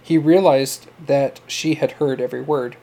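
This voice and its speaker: Mellow male storyteller. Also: medium pitch, steady tone, normal speed. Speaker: narrator. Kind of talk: scripted audiobook narration.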